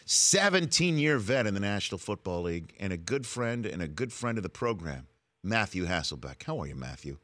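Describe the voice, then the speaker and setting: A man's voice: low voice, big pitch swings, fairly quick, fairly bright tone, dry recording. A man hosting a sports talk show, chatty and joking with his guest.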